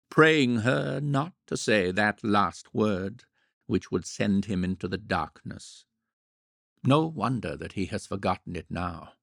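A man reading a novel aloud in a wry, measured storytelling manner. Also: fairly low pitch, creaky, no echo, clean studio sound. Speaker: audiobook narrator. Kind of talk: scripted narration.

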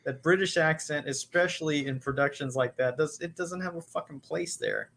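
Higher-voiced teasing podcast co-host man. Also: sing-song, normal speed, vocal fry, a bit bright. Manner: dry, teasing, puts on silly voices. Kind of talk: casual comedic chat.

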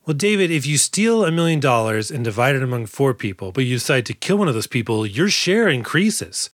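A man's voice: medium pitch, very animated, a little fast, dry recording. A man co-hosting a podcast who jokes and swears casually as he recaps film scenes. His voice is dry and close, with nothing of the room around it. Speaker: podcast co-host. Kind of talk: casual chat.

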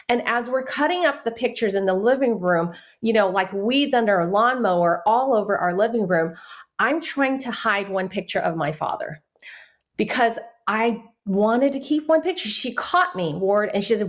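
A woman's voice: fairly high pitch, expressive, normal speed. Earnest middle-aged woman telling her story. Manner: earnest storytelling, acting out quoted family voices. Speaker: interview guest, soul care minister. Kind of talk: personal testimony in a faith interview.

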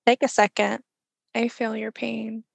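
A woman hosting a podcast interview, responding in a gentle, empathetic and soft-spoken way. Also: fairly high pitch, flat delivery, unhurried, gravelly, husky, dry recording. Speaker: podcast host.

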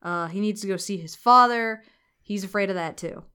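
A woman's voice: medium pitch, moderate pace, sharp tone, smooth. A woman co-hosting a podcast, recapping a movie in casual chat, swearing freely and laughing often. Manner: profane, punchy, laughs often. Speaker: podcast co-host.

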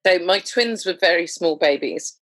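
A woman, a doula, chatting as a podcast guest in a lively, humorous storytelling way. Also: fairly low pitch, moderate pace, no echo. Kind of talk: conversational storytelling.

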